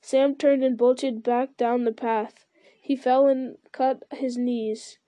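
A woman reading a fantasy novel aloud in a steady storytelling manner, with occasional slips. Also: a little high, slow, no echo. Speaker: reader.

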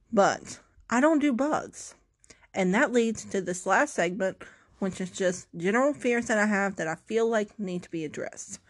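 Young woman, casual vlog storyteller; theatrical, self-deprecating, rambly delivery. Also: mid-range voice. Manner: self-mocking, dramatic, rambling with restarts. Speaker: vlogger.

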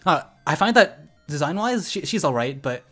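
A man's voice: fairly high pitch, big pitch swings, moderate pace, fairly bright tone, faint music behind. A young man co-hosting a casual podcast, easygoing and asking the group questions. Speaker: podcast co-host. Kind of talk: casual gaming podcast chat.

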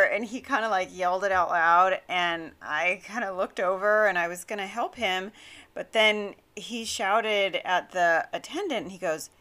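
A woman's voice: lowish voice, normal speed, pushed and bright, clear, resonant tone. A woman hosting her own podcast, telling a story in a chatty way with frequent laughs and fillers. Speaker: podcast host. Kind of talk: casual storytelling monologue; scripted show intro.

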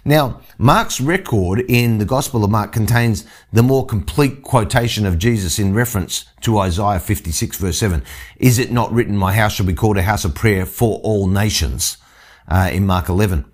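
A man's voice: on the low side, normal speed. A man preaching a sermon, reading scripture aloud and explaining it verse by verse. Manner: expository, reads scripture then explains. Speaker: pastor. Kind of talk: sermon teaching.

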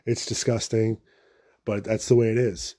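This young podcast host's solo monologue is loose and rambling, peppered with swearing and self-mockery. He speaks at normal speed in a lowish, dark voice with a level tone.

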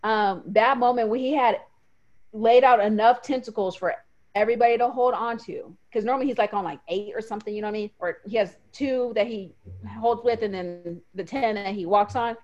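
A woman's voice: fairly high pitch, fairly quick. A woman co-hosting a podcast, casually and emotionally retelling favorite moments with lots of fillers. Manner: animated, emotional storytelling with fillers. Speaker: podcast co-host. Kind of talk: casual chat. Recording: muffled lo-fi audio.

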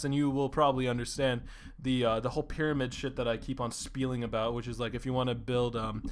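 Fast-talking excitable young man. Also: medium pitch. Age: young adult. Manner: excitable, rambling, swears a lot, says "like" often. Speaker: podcast host. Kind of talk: casual solo podcast monologue.

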